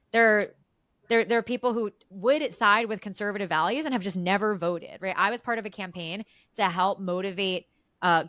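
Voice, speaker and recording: A woman's voice: mid-range voice, a bit bright, no echo, studio quality. A young adult woman co-hosting a casual political podcast, talking emphatically and restarting sentences as she builds her points. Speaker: podcast co-host.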